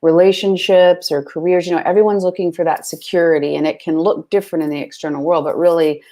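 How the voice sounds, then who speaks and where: A woman's voice: on the low side, fairly even intonation, quick pace, warm tone. A woman guest in casual conversation, talking freely and chattily with lots of fillers. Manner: chatty, full of fillers like "like" and "you know".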